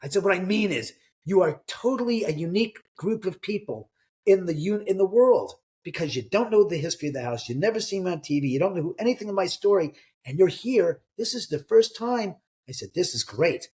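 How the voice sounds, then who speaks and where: A middle-aged man, an author and homeowner, telling animated stories in an interview and acting out what people said. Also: sits high, brisk, husky. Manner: lively anecdotal storyteller, acts out dialogue.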